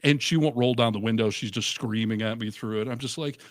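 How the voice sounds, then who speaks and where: A middle-aged man in casual chat, telling stories with animated, acted-out quotes. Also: medium pitch, brisk, dry recording, studio quality. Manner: animated storyteller, acts out quotes. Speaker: co-host.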